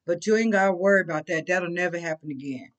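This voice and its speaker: A woman's voice: lowish voice, quick pace, voice pushed down, lightly acted. A woman voicing a grown man who hurriedly and sheepishly promises it will never happen again.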